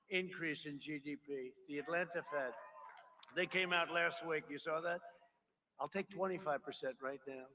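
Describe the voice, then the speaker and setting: A man's voice: high-pitched, sharp tone. A man giving a rambling, boastful campaign rally speech at a podium microphone, full of repeated asides. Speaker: politician. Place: large rally crowd. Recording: noisy live rally recording.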